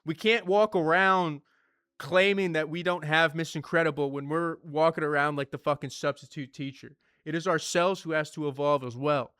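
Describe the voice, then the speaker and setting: Brief: male streamer, casual animated rambling chat over gameplay, slightly high pitch, dry sound. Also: moderate pace, clear, resonant tone, no room sound. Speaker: streamer playing a survival game. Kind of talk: casual gaming commentary.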